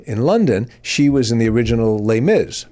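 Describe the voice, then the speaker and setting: A man in his sixties trading showbiz stories in a relaxed conversation. His voice sits mid-range, and he breaks into high, excited quoted voices as he acts out the people in his tales. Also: a little fast. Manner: animated anecdotes with bursts of high-pitched quoted voices. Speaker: guest. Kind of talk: casual chat, storytelling.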